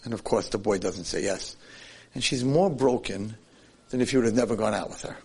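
A man giving a sermon as a Jewish lecturer, telling a story with animated, swinging delivery. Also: on the low side, a little fast, breathy edge.

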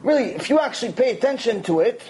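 Animated high-voiced man giving a Torah lecture. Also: fast, slight background noise. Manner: animated, conversational, acts out quoted voices. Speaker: rabbi.

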